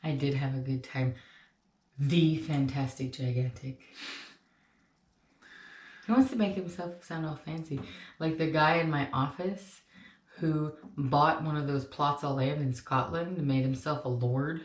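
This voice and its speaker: A young woman with a low voice co-hosts a snack show, talking loosely and circling back with plenty of "like" and "um." The room around her rings with noticeable echo. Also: moderate pace. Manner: rambling, filler-heavy storytelling. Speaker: co-host. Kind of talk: casual chat. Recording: echoey room.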